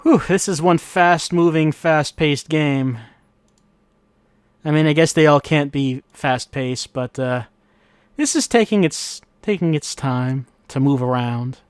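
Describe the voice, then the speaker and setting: A man's voice: a little high, slow pace, smooth, no echo. A man giving casual gameplay commentary as host, wry and musing, thinking aloud as he plays. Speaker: let's-play host. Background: faint game music.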